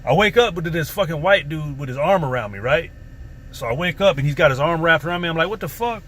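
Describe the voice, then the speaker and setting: Profane, rambling man recounting a street story in a slightly higher voice, with faint noise behind. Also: fast talker, fairly bright tone. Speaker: vlogger. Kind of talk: casual storytelling.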